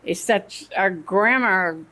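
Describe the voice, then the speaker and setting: A woman's voice: mid-range voice, slow pace, sharp tone. Chatty woman co-hosting a talk show. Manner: chatty, telling stories from her own marriage. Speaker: co-host teaching a Christian marriage class. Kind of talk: casual radio discussion.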